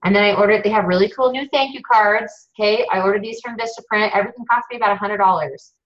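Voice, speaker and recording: A woman's voice: medium pitch, fast talker, muffled recording. A woman hosting a webinar in a casual, chatty, gushing way. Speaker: webinar host.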